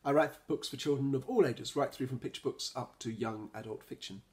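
A middle-aged man, a children's author, reading his picture book aloud in an expressive storytelling manner. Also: mid-range voice, brisk.

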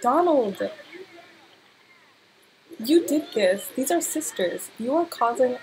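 A young woman talks over her gameplay in a relaxed, drawn-out way, her voice sitting a little high. She reacts with excited outbursts and laughter. A faint hum of noise sits under the recording. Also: low-quality recording. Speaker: gameplay commentator. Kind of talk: casual let's-play commentary.

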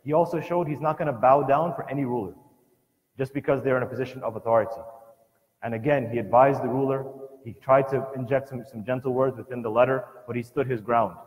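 A man's voice: mid-range voice, fairly even intonation, quick pace, highs cut off. A man giving a religious lesson at a family program, telling the story earnestly and emphatically, often restarting his sentences. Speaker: lecturer at a community family program. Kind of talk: religious lesson retelling a scholar's life. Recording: long hall reverb.

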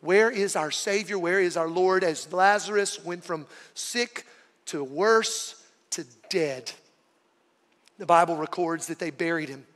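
A man preaching a sermon as pastor, telling a story dramatically, swinging from loud calls to hushed words. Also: high-pitched, unhurried, big-room sound.

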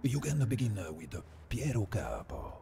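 An actor with an Italian accent, playing a sly, courteous mob kingpin in a war video game. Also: male voice, fairly low pitch, huge pitch swings, moderate pace, gravelly, noisy background, full character voice. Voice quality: theatrical, swooping delivery. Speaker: game character.

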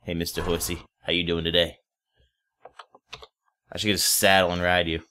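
A man's voice: low-pitched, level tone, moderate pace, sharp tone. A young man casually commenting while playing a modded block game, rambling, swearing offhand and chatting to viewers and in-game animals. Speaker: Let's Play host.

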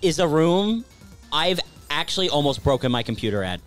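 A man's voice: fairly high pitch, big pitch swings, normal speed, clean tone, soft background music. A man co-hosting a casual let's-play, rambling with fillers and goofy jokes. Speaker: co-host.

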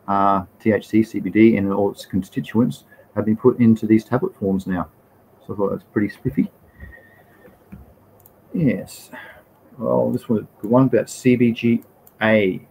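A man's voice: fairly low pitch, mellow, slight background noise, low-quality recording. A young Australian man hosting a casual live stream, reading from slides in a rambling way and greeting viewers in the chat.

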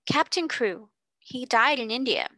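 A woman voicing a quiet, earnest orphan girl. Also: on the high side, animated, unhurried, dry recording, pitched above the performer's own voice.

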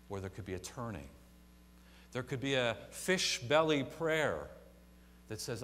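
A pastor delivering a sermon, swinging from quiet to loud and emphatic and acting out imagined people. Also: male voice, fairly low pitch, lively intonation, moderate pace. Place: church sanctuary. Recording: long church reverb, faint hum.

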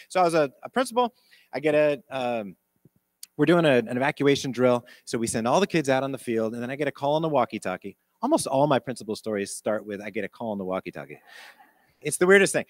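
A middle-aged man giving a storytelling workshop talk to educators, animated and asking the audience questions. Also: medium pitch, no echo. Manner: animated, acts out quotes, asks the audience questions. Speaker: conference presenter, former principal. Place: conference breakout room.

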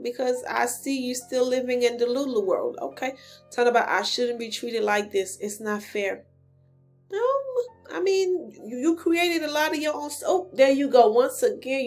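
A sassy woman with a fairly high voice, talking straight to her viewers as she comments on a webtoon chapter. Her delivery is animated and lively. Faint guitar music plays behind her. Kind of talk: casual commentary.

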